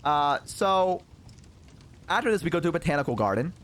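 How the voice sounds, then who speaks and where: A male streamer with a slightly high voice tells a rambling personal anecdote. His pitch swings widely, and he drops in casual swearing and filler words as he goes. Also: a little fast, slight background noise. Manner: animated, profane, rambling with fillers. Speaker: VTuber streamer.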